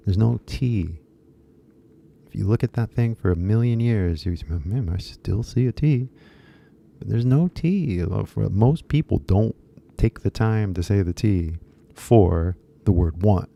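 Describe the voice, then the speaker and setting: A man's voice: lowish voice, animated, takes it slowly, vocal fry, pauses often, highs cut off. A man with an American accent giving a casual, rambling English pronunciation lesson, repeating key words for emphasis. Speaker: English teacher.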